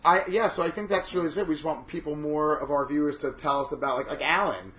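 A man co-hosting a chat show, telling stories in an animated, campy and profane way. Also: fairly high pitch, fast talker, roomy sound. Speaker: podcast co-host. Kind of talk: casual chat.

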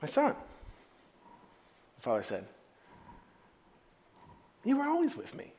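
A man playing a gentle older father who softly and tenderly pleads with his son, in an echoey hall. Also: high voice, wildly swooping pitch, fairly quick.

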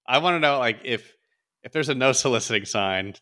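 A man's voice: mid-range voice, lively intonation, a little fast, sharp tone. A man co-hosting a casual chat, asking questions and reacting with laughter. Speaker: podcast co-host.

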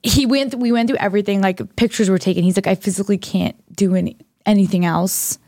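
A woman's voice: medium pitch, steady tone, quick pace, mellow, no echo, studio quality. A young woman co-hosting a podcast, telling a story in casual chat and acting out both sides of the conversations. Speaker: podcast co-host.

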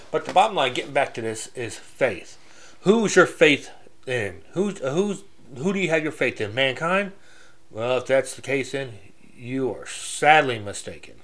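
A man's voice: medium pitch, animated, normal speed, fairly bright tone. Blunt rambling Christian man preaching. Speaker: Christian speaker. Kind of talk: casual faith talk.

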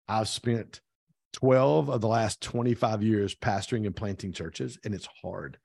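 A middle-aged man telling a story in a casual interview, animated, acting out quoted dialogue. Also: lowish voice, measured pace, creaky, breathy edge, dry recording. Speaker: podcast guest, real estate team owner.

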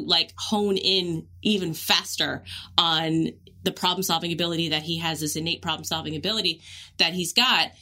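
Female podcast co-host, slightly low pitch, bright tone, thoughtful analysis. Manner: analytical, talks in long connected thoughts. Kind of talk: casual chat.

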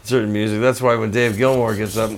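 An older man and guest musician telling animated, profane stories in a rambling way, full of restarts. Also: lowish voice, quick pace. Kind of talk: casual storytelling.

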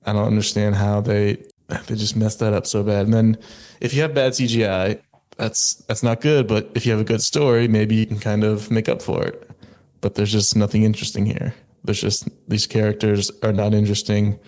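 A man's voice: fairly low pitch, little pitch movement, normal speed, darkish tone. A man co-hosting a casual movie review chat, blunt and critical in his verdicts. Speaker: podcast co-host.

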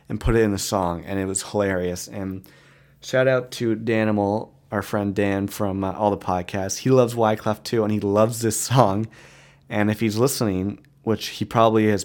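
A man's voice: lowish voice, a little mellow. Chatty man hosting a podcast. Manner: rambling, chatty, easily amused. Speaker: podcast host. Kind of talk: casual chat.

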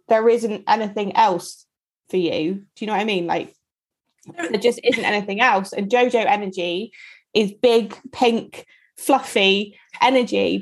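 A woman's voice: mid-range voice, gravelly. Supportive woman co-host, casual chat. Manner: supportive, uses lots of "like". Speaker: podcast co-host.

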